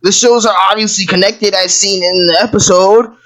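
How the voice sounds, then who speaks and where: A video commentator ranting through a show review, breaking into yelled outbursts, stammering repeats and frequent swearing. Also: medium pitch, steady tone, moderate pace. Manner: profane and exasperated.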